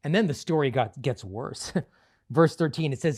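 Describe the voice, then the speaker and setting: A man pastor telling a story in a sermon, animated, with frequent light laughs. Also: fairly high pitch, normal speed, husky. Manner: animated, laughs often, acts out quotes.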